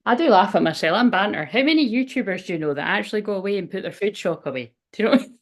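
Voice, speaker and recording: A woman's voice: medium pitch, expressive, racing. A woman reading oracle cards on a casual livestream, chatty and rambling, often exclaiming and laughing at herself. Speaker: tarot and oracle card reader hosting a livestream.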